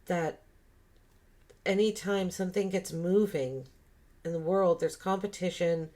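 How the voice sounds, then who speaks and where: A woman's voice: on the low side, unhurried, darkish tone. A woman giving a casual tarot reading, thinking aloud and musing with many fillers and restarts. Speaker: tarot reader.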